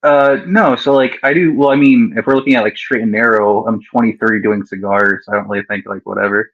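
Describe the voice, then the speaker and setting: A man's voice: on the low side, fairly even intonation, fairly quick, a bit bright, dull audio. A man in his twenties chatting casually on a podcast, easygoing, laughing often and using many fillers. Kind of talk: casual chat.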